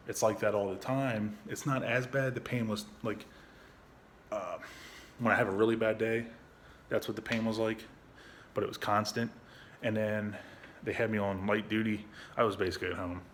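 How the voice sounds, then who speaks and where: A young adult man, a veteran, talking candidly at home into his phone, frustrated and halting, swearing a lot and restarting his sentences. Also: medium pitch, a little hiss or hum. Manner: frustrated, rambling, heavy swearing. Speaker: veteran vlogger. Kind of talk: candid personal vlog.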